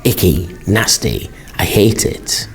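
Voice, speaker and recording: A man voicing a sharp-tongued teenage girl, angry and scornful at her twin sister. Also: low-pitched, big pitch swings, exaggerated voice. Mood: disgusted. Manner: scornful, quick to anger.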